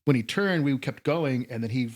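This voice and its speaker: A man's voice: mid-range voice, animated, normal speed. A man telling a story as a podcast guest, laid-back and profane, acting out quotes from others. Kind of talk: casual storytelling.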